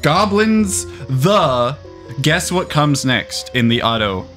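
A young man chatting casually with friends during a video game, playful and quick to mimic others. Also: a little high, big pitch swings, a bit bright, soft background music. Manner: playful, laughing, mimics voices. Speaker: co-host. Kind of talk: casual gameplay chat.

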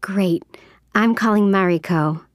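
A woman speaking clearly in a scripted everyday dialogue for an English course. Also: mid-range voice, unhurried, no echo, studio quality, natural voice.

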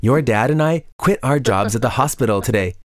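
A man voicing a middle-aged mother in an animated story, explaining things plainly. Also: mid-range voice, brisk, dry recording, lightly acted. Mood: happy. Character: worried mother, middle-aged, gentle but distraught.

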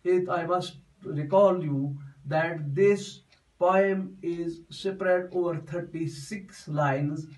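A man explains a poem as a classroom lesson, going over each point again and again with restarts. His voice sits high, and he sounds set back from the microphone. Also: fairly even intonation, drawn-out words, a little mellow, distant mic, rough recording. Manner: repetitive, explains step by step with many restarts. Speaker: teacher.

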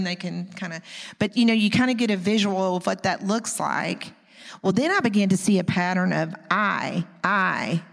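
A woman in her fifties giving a personal, conversational teaching message at a women's conference, talking straight to the audience. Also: medium pitch. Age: 50s. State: close to tears. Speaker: women's ministry speaker. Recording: long echo of a large hall.

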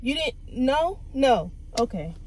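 A woman's voice: sits high, very animated, slow, a little mellow, slight background noise, low-quality recording. A young woman, venting exasperated rants to her vlog camera from her car. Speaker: vlogger.

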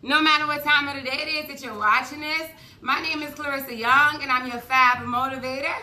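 A woman fitness instructor with a hoarse voice, chatting casually and upbeat to her viewers after a workout and drifting into preachy testimony. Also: sits high, steady tone, brisk, sharp tone, reverberant.

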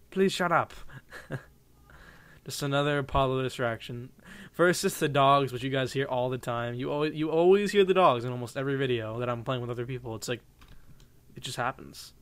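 A man's voice: mid-range voice, fairly bright tone, dry recording. A young man commenting casually on his own gameplay, rambling and joking with viewers in a goofy mood. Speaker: gaming channel host. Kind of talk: playing a game with live commentary.

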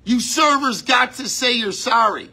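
A man preaching a sermon in a conversational way, breaking into shouts on key lines. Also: very high-pitched, expressive, a little slow, creaky, slightly rough.

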